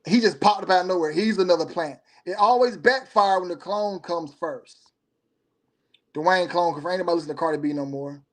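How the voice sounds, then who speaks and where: Man, high-pitched, livestream host, blunt opinions, reads chat aloud, uneven pace. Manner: blunt, opinionated, switches between rapid and drawn-out delivery. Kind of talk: casual livestream commentary reading viewer chat.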